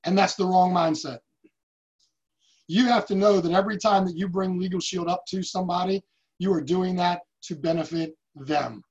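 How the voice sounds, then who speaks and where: A man's voice: high-pitched, steady tone, moderate pace, darkish tone. A man leading a sales team, giving an emphatic motivational talk and telling stories with acted-out quotes. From United States. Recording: dull lo-fi recording.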